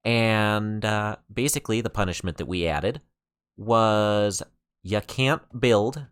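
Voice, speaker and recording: A rambling gamer with a deliberately clumsy, exaggerated Canadian accent, as a man puts it on, tossing in "eh" and "bud" over let's-play commentary. The voice sits fairly low and the talk is loose and full of fillers. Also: fairly bright tone, smooth. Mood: chatty. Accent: put-on Canadian.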